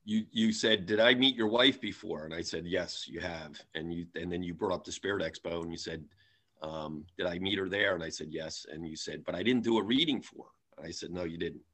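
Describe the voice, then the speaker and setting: A man's voice: sits low, a little fast, a bit bright. A man who is a guest on a podcast, speaking hesitantly and recounting past conversations step by step. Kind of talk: casual conversation.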